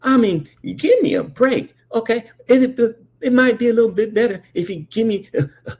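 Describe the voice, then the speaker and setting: A man's voice: very high-pitched, lively intonation, normal speed, darkish tone, slightly rough. A man telling a comic story about his childhood, stammering at times and acting out the voices of the people in it. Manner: stammering, acts out quoted voices.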